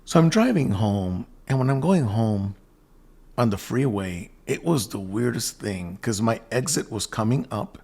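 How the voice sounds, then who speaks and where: A man with a fairly low voice tells a personal story in a loose, rambling way. He keeps acting out his own past words and stumbles through restarts as he goes. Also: lively intonation, measured pace, creaky, darkish tone, slightly rough. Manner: rambling, self-quoting with restarts. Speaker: host. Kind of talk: casual storytelling.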